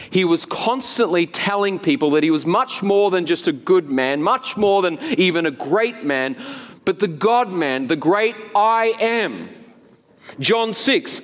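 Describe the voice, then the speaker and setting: A man from Australia with an Australian accent, preaching a sermon and telling stories with animation and frequent laughter. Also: high voice. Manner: storytelling, animated, laughs often. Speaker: pastor. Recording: long hall reverb.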